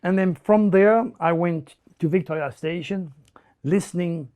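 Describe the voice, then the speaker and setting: A man with a French accent telling his life story in broken English, animated and repeating words as he goes. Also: sits high, unhurried. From France. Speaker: interviewee. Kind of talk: personal storytelling.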